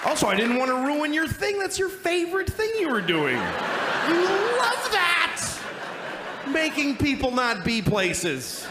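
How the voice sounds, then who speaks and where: A male comedian telling a wry, exasperated story, with sudden loud outbursts. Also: extremely high pitch, huge pitch swings, a little slow, roomy sound, over a noisy crowd, heavy background noise. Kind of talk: stand-up and talk show chat.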